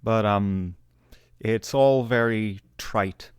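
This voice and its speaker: A man's voice: lowish voice, drawn-out words, clear, resonant tone, no echo, studio quality. A man giving sarcastic, conversational commentary on a video. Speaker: video reviewer.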